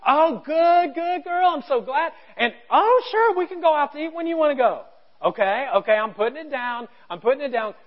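A pastor voicing an overly sweet adult chatting on a friendly phone call, gushing and high. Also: male voice, animated, normal speed.

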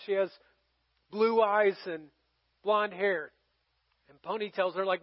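Man, pastor, high voice, conversational sermon, dramatic dynamics, dry slightly muffled recording. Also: fairly even intonation, a little slow, long pauses, no echo. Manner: conversational, dramatic swings from loud to hushed. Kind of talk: storytelling sermon.

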